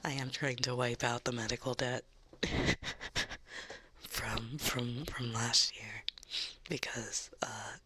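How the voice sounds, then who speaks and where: A woman with a Southern US accent, whispering and giggling softly while chatting on a live ASMR stream. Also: very deep voice, fairly even intonation, takes it slowly, pauses often, a little hiss or hum.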